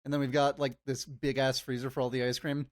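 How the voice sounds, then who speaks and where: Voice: medium pitch, level tone, fast, dry recording, clean studio sound. A young adult with a mid-range voice tells a work story in a casual chat. The talk is laid-back and sprinkled with swearing. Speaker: podcast co-host.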